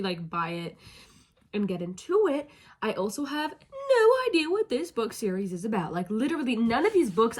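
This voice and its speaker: A young woman talking casually to her camera, chatty and animated, with lots of filler words. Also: on the high side. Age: young adult. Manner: drops to a hushed whisper. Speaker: vlogger. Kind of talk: casual vlog chat.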